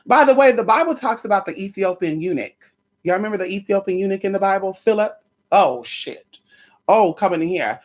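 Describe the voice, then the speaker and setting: A woman's voice: mid-range voice, fairly quick. A woman vlogging casually, telling a story in a sassy, gossipy way and swearing freely as she talks to her viewers. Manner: dramatic, expressive delivery.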